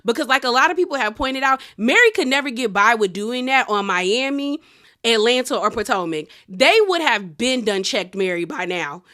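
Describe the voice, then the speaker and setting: A woman casually recapping a reality TV episode in an animated, sassy storytelling manner. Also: a little high, normal speed.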